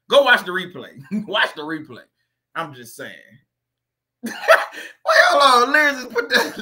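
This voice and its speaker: High, bright-voiced man joking on a livestream. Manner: rambling, laughing, chatty asides. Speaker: livestream host.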